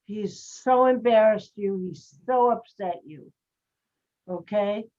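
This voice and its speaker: Slow-talking woman acting teacher, muffled call. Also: mid-range voice, warm tone. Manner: direct, explanatory, slow-paced. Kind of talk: giving acting notes.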